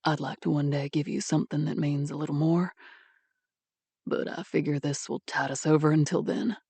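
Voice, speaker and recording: A woman voicing a gentle young man in love, speaking softly and low. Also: little pitch movement, normal speed, breathy edge, no echo. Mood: tender. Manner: soft, warm, low.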